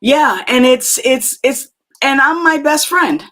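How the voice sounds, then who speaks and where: A woman hosting a live spiritual talk show, speaking gently and reflectively with many fillers and restarts as she answers chat comments. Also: sits high, expressive, takes it slowly.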